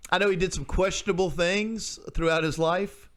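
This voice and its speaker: A man's voice: high-pitched, fairly even intonation, moderate pace, fairly bright tone. A man, chatting casually as a podcast co-host, rambling and restarting his sentences. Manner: rambling, restarts sentences, acts out quoted voices. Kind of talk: casual chat.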